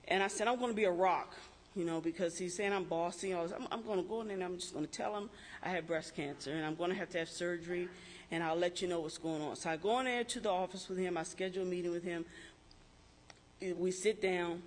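A middle-aged woman speaks at a memorial, recalling a late colleague in lively stories and breaking into laughter along the way. Her voice rings through a large, echoey hall with a faint hum of background noise. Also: lowish voice. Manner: animated storytelling, laughing through anecdotes. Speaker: former coworker giving a memorial tribute. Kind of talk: memorial tribute speech.

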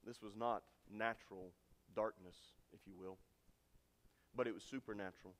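A man preaching a sermon with dramatic swings from loud, emphatic lines to hushed endings. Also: lowish voice, steady tone, moderate pace. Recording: long reverb of a large hall.

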